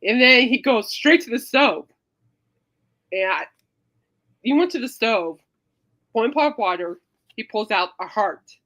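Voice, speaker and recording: A woman hosting a casual podcast, rambling through an animated story with many fillers and dramatic re-enactments of her own reactions. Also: fairly high pitch, a little slow, pauses often. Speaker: podcast host. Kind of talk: casual rambling livestream chat.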